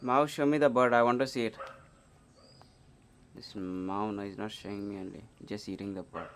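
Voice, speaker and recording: A young man vlogging casually to his viewers while coaxing his pet cat, often calling out loudly. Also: on the low side, steady tone, normal speed, slight background noise. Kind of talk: casual vlog talk to camera.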